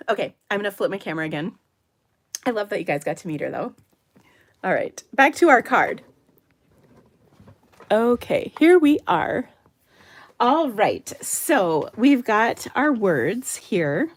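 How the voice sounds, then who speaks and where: Slow and sing-song, with frequent pauses, her medium-pitched voice carries a live card-making demo from her home craft room in Minnesota. The host chats cheerfully and laughs plenty while working.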